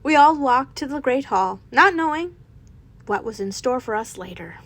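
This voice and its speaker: A woman's voice: high voice, lively intonation, normal speed, fairly bright tone. A young woman reading a fanfiction story aloud in a casual way, with small slips and restarts. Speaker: fanfiction reader.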